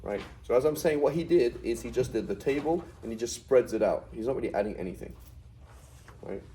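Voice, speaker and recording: A man's voice: medium pitch, lively intonation, fairly quick, dark tone, slight background noise, rough recording. A middle-aged man teaching a Quranic Arabic class in a conversational way, often checking with "right?". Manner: explains with frequent "right?" checks.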